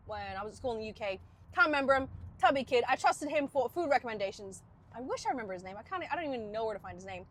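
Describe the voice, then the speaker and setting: A woman with a mixed, partly Australian accent, chatting playfully to camera in a self-mocking way. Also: on the high side. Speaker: vlogger. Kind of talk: casual chat to camera.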